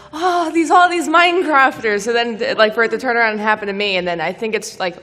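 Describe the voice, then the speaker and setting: A woman's voice: mid-range voice, sharp tone, long reverb tail. A young woman on a convention panel, speaking casually and thankfully. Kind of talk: panel talk. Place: convention stage.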